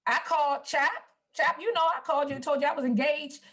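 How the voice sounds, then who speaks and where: A woman's voice: high voice, steady tone, fast talker, fairly bright tone. A woman on a podcast panel, pushing back in a heated casual debate and telling a story. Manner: insistent, storytelling, pushes back.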